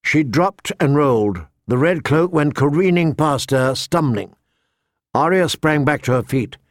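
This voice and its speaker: A man reading a fantasy novel aloud as narrator, steady and shifting pace with the action. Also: a little high, a little slow, no echo, studio quality. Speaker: audiobook narrator. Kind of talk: scripted narration.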